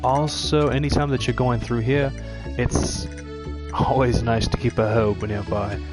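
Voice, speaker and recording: A man at an ordinary mid pitch, talking casually as he plays and walks viewers through tips. Clear game music plays behind his voice throughout. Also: steady tone, unhurried. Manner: chatty, explains tips to viewers. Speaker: let's play streamer. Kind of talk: casual gameplay commentary.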